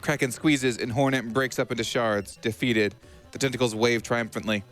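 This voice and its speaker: A man commentates on a speedrun, reading the game's text aloud and joking playfully between lines. His pitch sits in the middle. Faint music plays in the background. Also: steady tone, moderate pace, fairly bright tone. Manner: playful, laughs often.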